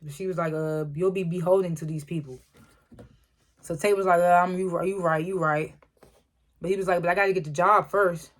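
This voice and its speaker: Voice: medium pitch, steady tone, a bit bright. Laughing, slangy episode recapper. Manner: chuckles often while retelling scenes; acts out characters' lines in quick quotes. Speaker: TV episode reviewer.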